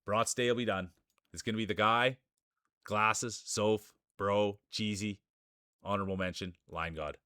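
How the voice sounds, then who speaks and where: A man's voice: fairly low pitch, fairly even intonation, unhurried, bright, forceful tone, smooth, no room sound, studio quality. A man hosting a live stream, calling marble races like a hype announcer and greeting his viewers. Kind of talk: live-stream race commentary.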